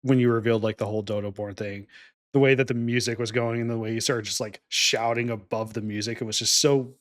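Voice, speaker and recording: A man's voice: medium pitch, steady tone, fast talker. A man hosting a podcast, chatting casually and rambling as he laughs along with his guests. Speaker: podcast host. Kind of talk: casual chat.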